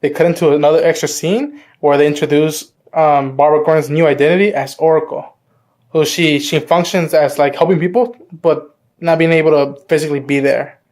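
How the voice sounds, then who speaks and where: A fairly high-voiced man chats his way through a film review, eager and rambling, sometimes swearing. He sits some way back from the mic in an echoey room. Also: steady tone, fairly quick, darkish tone, far from the mic. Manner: enthusiastic, rambling, casual swearing. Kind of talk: casual film review chat.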